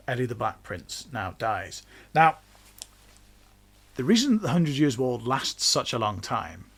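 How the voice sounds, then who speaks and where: A man's voice: medium pitch, husky. A man, hosting a podcast and explaining history in a chatty, jokey way, laughing now and then. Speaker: podcast host.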